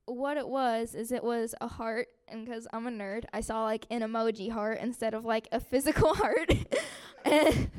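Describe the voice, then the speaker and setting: Young woman, smooth clear voice, soft and hesitant, sharing a testimony. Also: on the high side. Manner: soft, halting, many fillers and sighs. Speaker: church member giving testimony. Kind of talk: personal testimony to a group.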